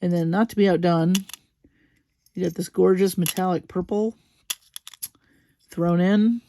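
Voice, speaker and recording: Woman, unboxing chat, unhurried drawl, low-pitched, gushing exclamations. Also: fairly even intonation, a little hiss or hum. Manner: gushing, slow and admiring, soft exclamations. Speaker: crafting video host. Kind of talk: unboxing commentary.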